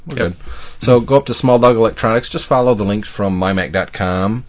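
Low-voiced male podcast host, relaxed. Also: brisk. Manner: relaxed, rambling, with fillers and restarts. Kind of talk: casual chat.

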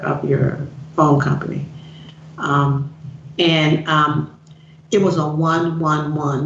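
A woman's voice: deep voice, slight background noise. A woman in casual conversation, speaking with emphatic asides. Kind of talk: casual chat. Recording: echoey dull-sounding line.

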